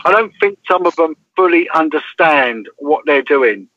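A man's voice: on the high side, lively intonation, moderate pace, lo-fi sound. An English man, a former police detective, telling a story as an interview guest in an emphatic way, often checking in with "right?".

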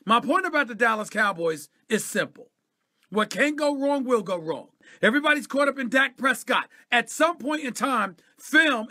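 High-pitched, piercing ranting sports commentator man. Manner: loud, emphatic, repeats phrases for punch. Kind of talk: heated sports-TV rant.

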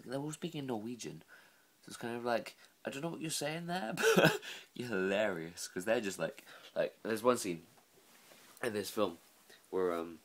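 A tired man up late, talking in a rambling, filler-heavy, self-mocking way in a casual vlog. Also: sits low. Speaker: vlogger.

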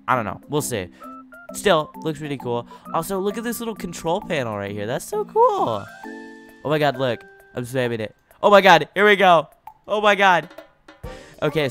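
Young male game commentator. Excitable and rambling, with a lively, swooping pitch and faint music underneath. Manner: excitable, rambling, stumbles over words. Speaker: gaming video creator.

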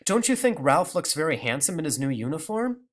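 A man's voice: fairly high pitch, sing-song, brisk, voice pushed up. A man reading aloud and voicing an anxious mother who speaks urgently and coaxingly. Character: anxious, hurried mother of two.

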